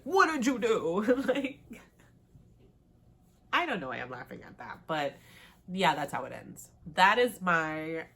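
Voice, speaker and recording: A woman's voice: deep voice, creaky, a bit bright. Chatty young woman recapping a show. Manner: chatty, laughs at herself, acts out lines. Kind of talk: casual recap with acted-out quotes.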